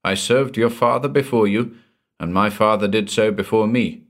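A man's voice: on the low side, moderate pace, close to an everyday voice. A man voicing an old loyal manservant. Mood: earnest.

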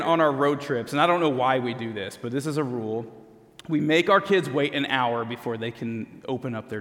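Male pastor, thirties to forties, chatty storytelling sermon, mid pitch, long reverb of a church hall. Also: a bit bright. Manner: conversational storytelling with self-deprecating humor.

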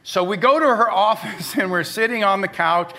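A middle-aged male pastor preaching a sermon, telling stories in a conversational way that moves from animated to hushed. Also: sits high, normal speed.

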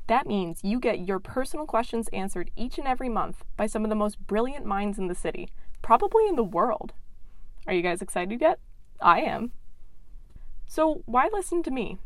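A young adult woman hosting a science podcast, reading a scripted intro in a playful, excitable, self-mocking way. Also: on the high side, fairly quick, no room sound. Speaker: podcast host.

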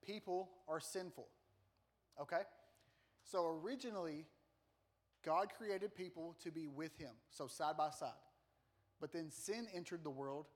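A male pastor preaching a sermon, telling a funny personal story in an animated, self-deprecating way. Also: fairly high pitch, a little slow, long pauses.

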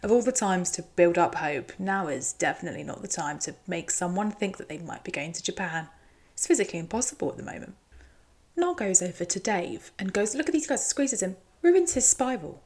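A woman's voice: fairly low pitch, expressive, a little fast, a little mellow. A woman giving a chatty, teasing recap commentary. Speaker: show recap host.

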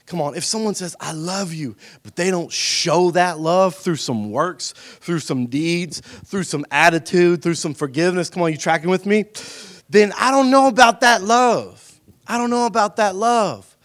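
A man preaching a sermon in a church, dropping to a hushed, intimate voice and then rising to shouted emphasis, often calling out to the congregation for a response. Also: high-pitched, moderate pace. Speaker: pastor. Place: church sanctuary.

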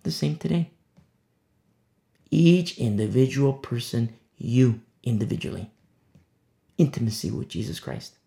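A man preaching an expository sermon, passionate, repeating words for emphasis and swinging between loud declarations and hushed asides. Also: mid-range voice, expressive, a little slow, creaky, pauses often. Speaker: pastor.

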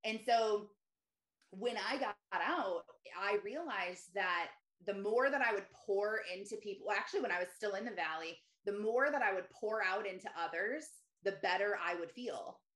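A woman's voice: expressive, normal speed, a bit bright, reverberant. A woman, a podcast host and coach, telling her personal story earnestly and with emphasis as an interview guest. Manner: earnest, emphatic, shifts to higher voice for quoted thoughts.

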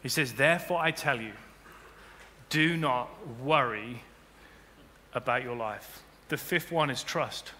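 A man preaching a sermon as pastor, building to loud emphatic peaks. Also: a little high, expressive, a little slow, pauses often. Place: church auditorium. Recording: long hall reverb with faint music.

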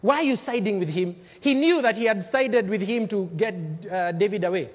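A man preaching a sermon as pastor, emphatic, swinging between loud bursts and hushed lines. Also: high-pitched, normal speed. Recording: dull lo-fi sermon recording with long hall reverb.

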